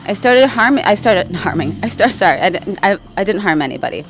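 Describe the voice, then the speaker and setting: Rambling woman with a lively voice. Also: medium pitch, fairly quick, soft background music, low-quality recording. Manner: rambling, keeps asking "right?", laughs often. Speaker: spiritual vlogger. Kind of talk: casual rambling storytelling. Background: faint crickets.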